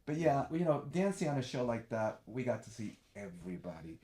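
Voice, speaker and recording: An older man, a guest, telling lively stories about his dancing days and acting out every quote. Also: brisk. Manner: lively storyteller who acts out quotes with big pitch jumps. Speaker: guest, former TV dancer and host. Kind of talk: animated storytelling.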